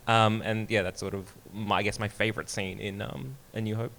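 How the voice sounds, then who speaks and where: A man's voice: on the low side, level tone, fast, few pauses, a bit bright. A man speaking on a live comedy panel on stage, rambling enthusiastically with many fillers. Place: live stage before an audience.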